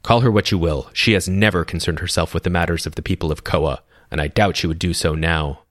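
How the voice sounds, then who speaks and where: A man voicing a weary, commanding male chieftain in a storybook reading, in a measured, authoritative way. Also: low voice, fairly even intonation, a bit bright, no room sound, clean studio sound. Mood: stern.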